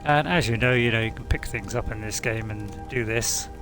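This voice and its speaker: A man's voice: on the low side, moderate pace, music in the background. A man, a game streamer, giving casual, rambling let's-play commentary full of asides. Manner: chatty, rambling, many fillers and asides.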